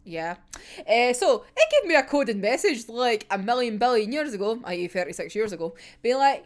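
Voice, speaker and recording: A woman's voice: a little high, unhurried. A young woman casually recapping a manga chapter, rambling and swearing, breaking into frequent laughter. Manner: excitable, rambling, swears a lot, laughs often. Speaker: manga reaction vlogger.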